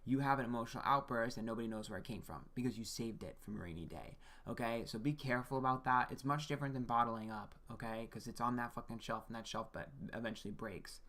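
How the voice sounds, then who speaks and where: A man with a bright, sharp-edged voice talks his way through a personal birth chart reading. He speaks plainly and directly to one listener, with an easygoing, frank delivery that often checks in with "okay?" and lets a curse word slip. His voice sits at an ordinary male pitch. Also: quick pace, few pauses. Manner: frank, with occasional swearing. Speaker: astrologer.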